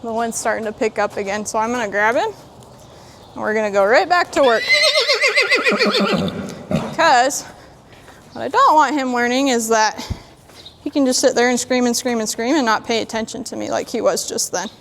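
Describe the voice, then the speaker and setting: A woman horse trainer in a sandy arena, calmly explaining while she works a young horse and talks to it. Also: fairly high pitch, normal speed, pauses often, a little hiss or hum. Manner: calm, plainspoken, talks to the horse in between. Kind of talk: training demonstration.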